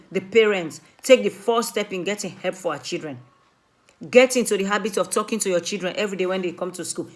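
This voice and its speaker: An African woman, a mother who speaks for her community, gives an earnest and emphatic talk in a medium-pitched voice. She pleads with her listeners and keeps repeating her main points.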